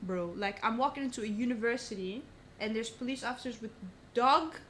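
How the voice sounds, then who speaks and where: A young woman, a podcast guest, telling a story in casual chat, animated and swearing often. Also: on the high side, brisk, slight background noise. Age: young adult. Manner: animated, swears a lot, says "bro" often.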